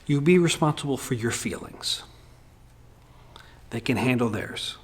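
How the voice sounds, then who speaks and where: A male pastor preaching a sermon in a candid, humorous way with lively swings in delivery. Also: medium pitch, measured pace, husky.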